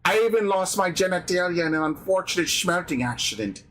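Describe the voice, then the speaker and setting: A man putting on the voice of an eccentric, gold-obsessed villain, speaking slowly in a high, strained put-on voice with drawn-out words. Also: animated, fairly bright tone. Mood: relishing.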